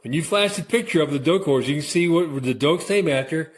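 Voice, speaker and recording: A man's voice: on the high side, animated, brisk. A middle-aged American man co-hosting a radio podcast, bantering bluntly and repeating words as he jokes. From United States. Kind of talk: casual banter.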